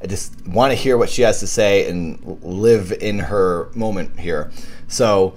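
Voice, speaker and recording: A man's voice: low-pitched, unhurried. A man hosting a live stream, chatting casually about his own short film and thanking donors. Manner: rambling, animated, thanks donors warmly. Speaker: filmmaker hosting a live viewing commentary.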